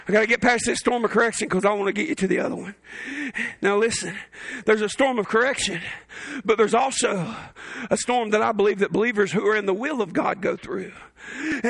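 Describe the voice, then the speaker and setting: A male pastor preaching a fervent sermon, often shouting, with humorous asides. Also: high voice, fairly quick, vocal fry, no echo.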